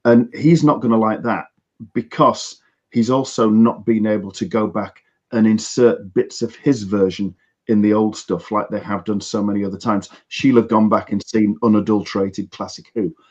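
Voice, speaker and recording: A low-pitched man with a husky voice joins a live-stream panel chat over a video call. He sounds scornful and stop-start, breaking off and restarting his sentences. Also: steady tone, normal speed, darkish tone, lo-fi sound. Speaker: panel guest.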